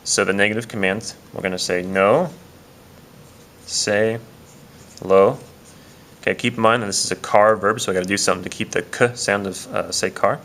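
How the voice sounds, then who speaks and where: A man's voice: fairly low pitch, fairly even intonation, moderate pace, pauses often, a bit bright, a little hiss or hum. A man teaching a casual video lesson, explaining step by step with frequent "uh" and "um" fillers. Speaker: Spanish teacher.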